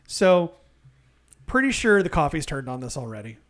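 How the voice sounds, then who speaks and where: A man co-hosting a casual beer podcast, telling a story with animated, profane exaggeration. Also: on the high side. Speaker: podcast co-host. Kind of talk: casual beer-review banter.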